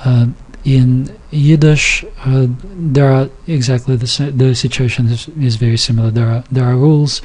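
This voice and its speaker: A man's voice: medium pitch, fairly even intonation, normal speed, hardly any pauses, a little mellow. A man giving an informal recorded lesson, reading from a textbook and explaining pronunciation with many fillers and restarts, sounding out example words carefully. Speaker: Yiddish teacher.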